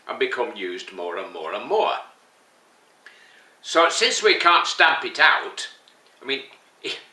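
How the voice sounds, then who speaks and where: A man speaking slowly and haltingly in an earnest, gently humorous tone as he gives his opinion to the camera. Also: mid-range voice, distant mic. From England. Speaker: vlogger. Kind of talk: spoken opinion piece. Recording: echoey room, voice from off-mic.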